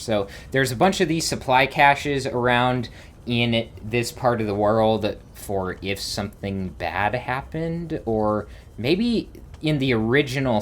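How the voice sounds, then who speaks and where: A man's voice: mid-range voice, slight background noise. A man hosting a let's play, giving rambling gameplay commentary and thinking aloud with small exclamations.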